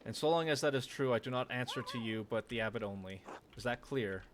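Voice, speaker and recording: A man's voice: mid-range voice, a little fast, a little hiss or hum, close to an everyday voice. A man reading aloud as a haughty, defensive male monk prior who answers in an indignant, clipped way. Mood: cold. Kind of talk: reading game dialogue aloud.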